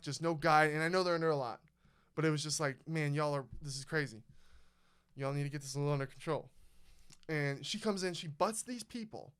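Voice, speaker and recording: A young man hosting a podcast, telling a story in casual chat, animated and profane, acting out the people he quotes. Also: a little high, smooth. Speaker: podcast host.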